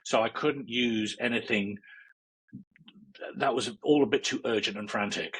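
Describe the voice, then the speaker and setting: A man's voice: medium pitch, unhurried, fairly bright tone, breathy edge, rough recording. A man, a meditation teacher, chatting as a guest in a casual interview, rambling with fillers and often laughing. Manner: rambling, many fillers and restarts, laughs a lot.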